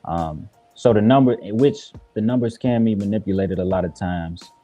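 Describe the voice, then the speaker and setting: A man's voice: fairly low pitch, normal speed, warm tone, soft background music. Earnest reflective man from Chicago. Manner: earnest, reflective, many fillers. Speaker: guest rapper. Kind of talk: casual interview talk.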